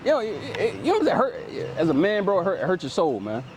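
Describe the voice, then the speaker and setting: A man's voice: sits high, quick pace, a crowd in the background. A man preaching outdoors, explaining scripture in loose street slang and tagging phrases with "man". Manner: lively and emphatic, paraphrases scripture in street speech.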